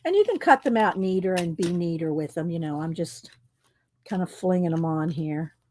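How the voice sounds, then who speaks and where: This middle-aged craft vlogger has a lowish, dark voice and speaks animatedly at a moderate pace. She rambles casually as she shows her craft supplies, dropping in asides and fillers.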